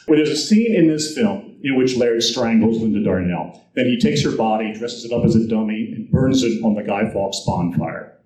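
A man at a live event recounting old film stories with a storyteller's flair, slipping into the voices of the people he quotes. His voice sits at an ordinary pitch and carries the echo of a large room. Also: expressive, normal speed, few pauses, dark tone. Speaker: film historian speaker. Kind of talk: anecdotal talk to an audience.

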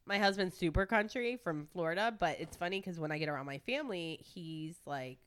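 This is a woman from Michigan hosting a podcast in a relaxed chat. She teases her guests and giggles easily. Her voice swoops widely in pitch as she talks. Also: a little fast, clean tone. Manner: teasing, giggly and animated. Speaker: podcast host. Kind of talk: casual chat.

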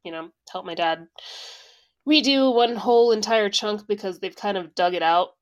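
A woman's voice: mid-range voice, normal speed, muffled recording. A woman from Missouri talks in a casual chat. She is blunt and teasing, and she swears freely while she jokes.

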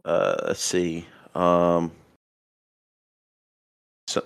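Running a tabletop horror game as game master, this somewhat low-voiced man narrates with hesitant, searching descriptions, his intonation lively.

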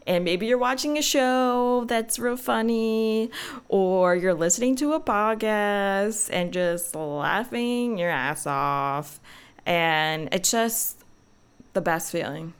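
A woman's voice: fairly low pitch, takes it slowly, fairly bright tone, clean tone. A young woman hosting a podcast, chatting casually and rambling with lots of fillers. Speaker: podcast host. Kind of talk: casual solo podcast chat.

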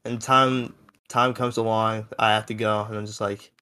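A man's voice: on the low side, level tone, moderate pace, pushed and bright. A seventeen-year-old young man telling a story in a casual podcast chat, rambling and full of fillers. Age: teens. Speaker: podcast co-host.

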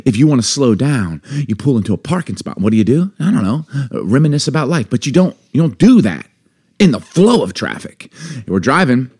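Animated man telling a story. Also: medium pitch, a little fast, breathy edge. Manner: animated storyteller, acts out his own reactions. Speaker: podcast co-host. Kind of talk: casual chat. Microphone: podcast studio mic.

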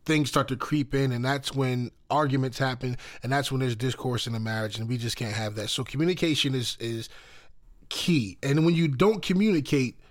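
A man's voice: medium pitch, normal speed. A married man co-hosting a casual conversation about marriage, often repeating and restarting his words. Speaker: co-host of a marriage talk show.

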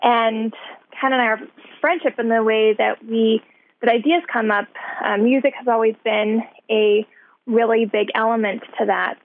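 Gravelly woman on a phone line. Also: on the high side, steady tone, unhurried, no room sound. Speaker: guest, event organizer. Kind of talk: phone interview. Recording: tinny landline phone call.

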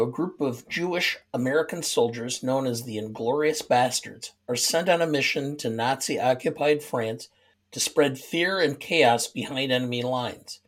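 Easygoing middle-aged man chatting movies. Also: mid-range voice. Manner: easygoing, opinionated, reads summaries steadily. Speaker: podcast co-host. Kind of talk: casual movie podcast chat.

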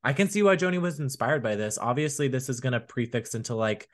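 A man's voice: mid-range voice, expressive, quick pace. A man co-hosting a music podcast, rambling casually with many fillers and frequent laughs. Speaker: podcast co-host. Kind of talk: casual chat.

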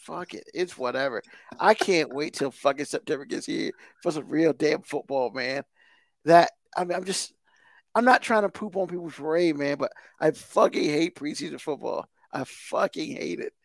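A high-voiced man rants on a podcast, heated and profane, circling back to the same gripe again and again. The sound is close and dry, with no room around it. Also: normal speed, vocal fry, no room sound. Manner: heated, swears constantly, emphatic repetition. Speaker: podcast co-host. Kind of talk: casual profane rant.

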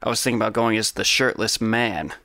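A man with a gravelly voice, joking his way through a tabletop game. His playful talk is recorded dry and close. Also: lowish voice, steady tone, a little fast, sharp tone, dry recording. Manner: goofy, playful. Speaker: player. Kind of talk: casual tabletop play.

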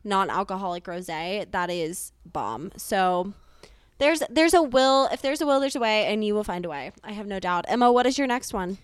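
A woman's voice: mid-range voice, animated, moderate pace, smooth, dry recording. A young woman co-hosting a podcast, chatting in an upbeat, slangy way. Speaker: podcast co-host. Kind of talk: casual chat.

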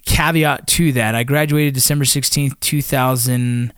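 A former Army Ranger recounts something from his own life in a medium-pitched, fairly even voice, unhurried and a bit bright, with a clear, resonant tone. The studio recording is clean with no room sound, and he talks bluntly and profanely, full of fillers.

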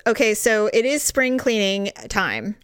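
A middle-aged woman co-hosting a casual chat, talking in an animated way and swearing freely. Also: unhurried, smooth, no echo, clean studio sound. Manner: animated, swears freely, swings up high when riled. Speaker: podcast co-host.

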